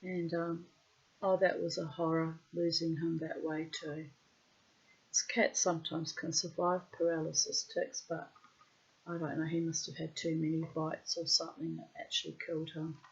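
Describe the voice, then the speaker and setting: This is a middle-aged woman with a fairly low voice. She spins a personal yarn bluntly, swearing freely and loudly acting out every quoted line. The recording is dull and lo-fi. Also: moderate pace, vocal fry. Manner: animated, acts out quotes loudly. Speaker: storyteller. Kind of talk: personal anecdote monologue. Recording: muffled lo-fi recording.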